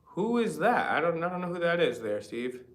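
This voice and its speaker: A man's voice: a little high, very animated, moderate pace, roomy sound. A man hosting a casual livestream chat, rambling and reading viewer comments aloud. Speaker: livestream host.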